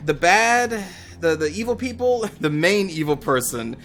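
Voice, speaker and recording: Young gamer guy, kinda high voice, rambling over gameplay w/ lots of "like" and "kinda". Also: sing-song, unhurried, a bit bright, soft background music. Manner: rambling, chatty, with fillers and casual swearing. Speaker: gaming channel host. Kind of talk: casual commentary over gameplay.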